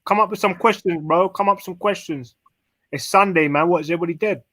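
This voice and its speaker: A man's voice: high voice, fast, a bit bright, no room sound. A man chatting casually on a podcast, rambling and slangy, laughing often. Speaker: podcast co-host. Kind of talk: casual chat.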